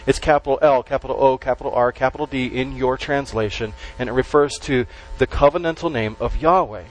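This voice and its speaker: A man preaching a sermon to a congregation, stressing key words slowly and letting his voice drop at the ends of phrases. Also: mid-range voice, rough recording. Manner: emphatic, with slow stressed words and dropped endings. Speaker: pastor.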